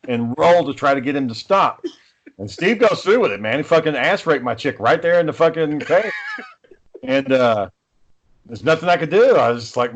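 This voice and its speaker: A man's voice: mid-range voice, expressive, a little fast. A young man hosting a podcast, telling stories in casual chat and swearing freely. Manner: profane storytelling, swears freely. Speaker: podcast host.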